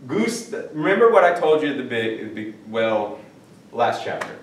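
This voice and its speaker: A man teaching a classroom Spanish vocabulary lesson, jokey and lively, drawing out the Spanish words slowly. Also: medium pitch, a little hiss or hum. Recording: echoey room, mic at a distance.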